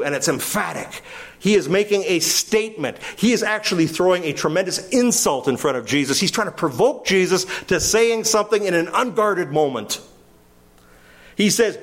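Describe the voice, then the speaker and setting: Older man preaching, fairly high voice. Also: moderate pace. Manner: animated, voice climbs sharply when quoting. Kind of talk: verse-by-verse sermon.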